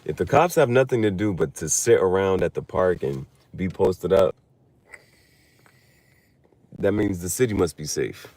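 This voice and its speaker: Rambling low-voiced man, lively pitch. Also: a little slow, long pauses. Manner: rambling, loose, with many restarts and fillers; spells out unfamiliar words letter by letter. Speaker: vlogger. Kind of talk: casual chat while reading.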